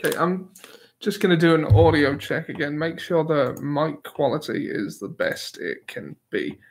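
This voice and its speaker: A man's voice: a little high, animated, moderate pace. A man hosting a casual livestream, reading out chat questions with easy chuckles and self-deprecating remarks. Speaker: livestream host. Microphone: new desktop microphone.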